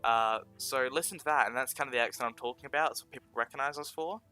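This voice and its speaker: Streaming a game with faint music behind him, a South Australian man rambles in casual chat, throwing out sarcasm and frequently correcting himself. He talks fast at a medium pitch, his tone sharp yet smooth.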